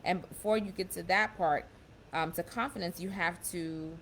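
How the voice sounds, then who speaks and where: A young woman giving a casual motivational talk, emphatic and warm, often repeating and restarting her phrases as she explains. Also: fairly low pitch, normal speed, slight background noise. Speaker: self-empowerment speaker.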